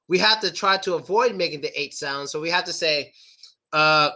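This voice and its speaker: A man teaching English pronunciation in a live online class, playful and animated, repeating words slowly and carefully for his learners. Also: on the high side.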